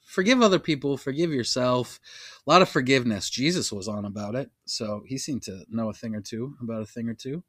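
Rambling, joking podcast co-host; dry close mic, ordinary mid voice. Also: male voice, medium pitch, fairly quick, fairly bright tone, husky, no echo. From United States. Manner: joking, self-mocking, rambling. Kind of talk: casual comedic podcast chat.

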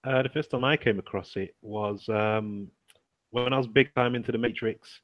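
A man from the UK, co-hosting a podcast and talking in a halting way with many pauses and fillers. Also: medium pitch, steady tone, no room sound. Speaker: podcast co-host. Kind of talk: casual chat. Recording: dry, muffled remote mic.

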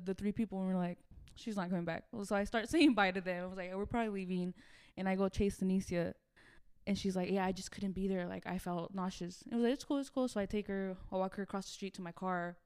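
A young woman co-hosting a podcast, telling a story in animated casual chat and acting out quotes. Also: mid-range voice, fast talker, clear, resonant tone. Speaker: podcast co-host.

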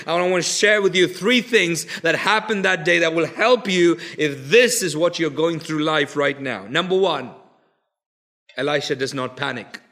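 A man delivers a sermon that swings between loud, urgent pleading and hushed, low intensity, repeating himself a great deal.

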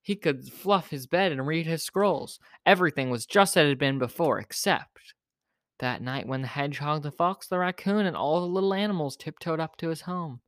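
A man reading a children's picture book aloud in a gentle, expressive way. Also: on the high side, normal speed, dry recording, studio quality. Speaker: storyteller.

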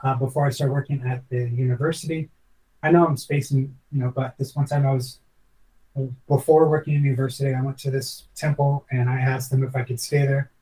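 A man's voice: medium pitch, level tone, brisk, mellow, far from the mic, low-quality recording. Reflective man telling a personal story. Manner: rambling, reflective, earnest, restarts often. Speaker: podcast guest, former chef.

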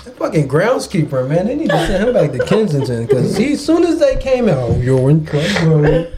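A man co-hosting a podcast, casually and profanely recapping a movie and putting on quick voices for the characters. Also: sits high, wildly swooping pitch, a crowd in the background. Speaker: podcast co-host. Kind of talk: casual chat.

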